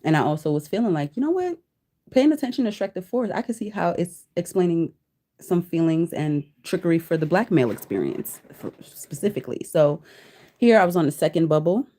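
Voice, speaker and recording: Low-pitched animated woman chatting with viewers. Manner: animated, laughs often, sounds words out slowly; reads search results aloud to viewers. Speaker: livestream host. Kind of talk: casual livestream chat.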